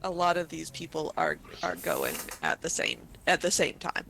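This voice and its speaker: A woman's voice: low voice, wildly swooping pitch, moderate pace, creaky, fairly bright tone, a little hiss or hum. A woman running a tabletop game as game master, often muttering to herself while tracking turns.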